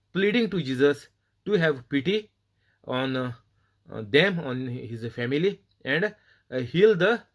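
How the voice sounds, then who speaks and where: A man leading a bible study sermon who reads scripture aloud and explains it slowly, with many pauses, fillers and non-native phrasing. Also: medium pitch, fairly bright tone. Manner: slow, halting, many fillers and restarts. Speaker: preacher.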